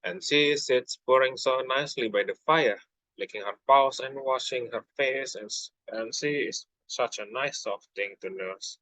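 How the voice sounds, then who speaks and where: A man's voice: medium pitch, unhurried, bright, forceful tone, dry recording, rough recording. A young man voicing Alice, a polite, chatty little girl, in a storybook reading, stumbling over words.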